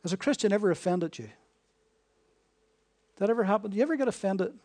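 Male preacher, high voice, sermon delivery, rhetorical questions, hushed to emphatic. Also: lively intonation, a little fast. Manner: swings between hushed and emphatic.

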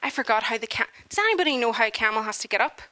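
Woman, lively storyteller, bright and fairly high voice. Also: racing. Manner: animated, chatty, full of fillers. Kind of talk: humorous personal storytelling.

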